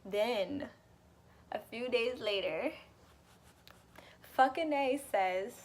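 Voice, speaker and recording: A young woman telling a story in a casual vlog, animated and chatty, swearing freely and laughing often. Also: on the high side, very slow. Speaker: vlogger.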